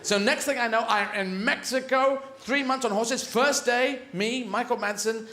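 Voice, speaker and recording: A man performing rambling stand-up comedy with quick asides on a theatre stage. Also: very high voice, sharp tone. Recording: echoey theatre, faint noise.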